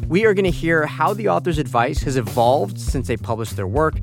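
A man's voice: fairly high pitch, animated, fairly quick, faint music behind. A man hosting a radio interview show, asking questions in a friendly conversational way.

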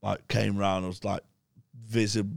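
Gravelly-voiced English man telling stories. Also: on the low side, normal speed, no echo, studio quality. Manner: swears a lot, rambling animated anecdotes. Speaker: podcast guest. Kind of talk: casual chat, storytelling.

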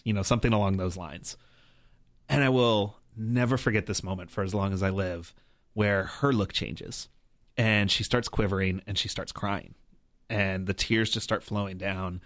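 A man with a fairly low voice recounts a personal story as a guest. He is earnest and reflective, leaning on "like" and "right?" as he talks. The sound is dry and close to the mic. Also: fairly even intonation, normal speed, a bit bright, no room sound. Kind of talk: conversational storytelling.

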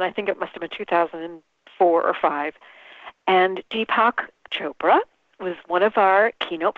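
A woman organizer telling an embarrassing story in a casual interview, animated and quick to laugh. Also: mid-range voice, no room sound. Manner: animated, laughs often, restarts sentences. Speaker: event organizer, guest. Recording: tinny phone line.

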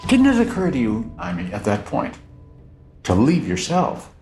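A man's voice: medium pitch, wildly swooping pitch, normal speed, a little mellow, faint music behind. A man interviewing a guest, questioning him skeptically and pushing back hard.

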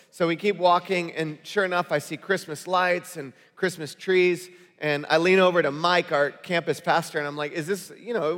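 A man preaching a sermon to his congregation, telling stories in an animated, conversational way. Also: high voice. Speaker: pastor. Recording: long hall reverb.

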